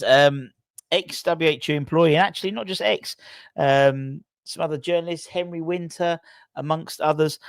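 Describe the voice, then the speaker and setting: A man's voice: a little high, creaky, no room sound. A man hosting a fan news channel, rambling and correcting himself as he thinks aloud. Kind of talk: casual news vlog.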